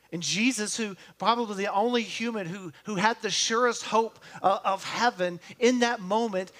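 Preaching slowly and deliberately in a high voice, a male pastor speaks earnestly and questions his congregation directly. On tender lines he grows quiet and gentle, then rises again when speaking of hope.

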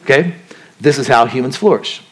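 A male pastor with a medium-pitched, somewhat bright voice keeps a brisk pace. His sermon is conversational; he asks the congregation questions and acts out people's inner voices.

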